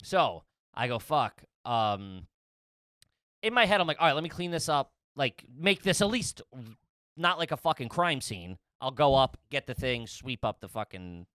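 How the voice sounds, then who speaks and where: A man tells a story in a casual, profane ramble, laughing at his own mistakes. His voice sits at a middle pitch. The mic is close and the sound is dry. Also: very animated, moderate pace, sharp tone, clean tone, dry recording. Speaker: podcast co-host.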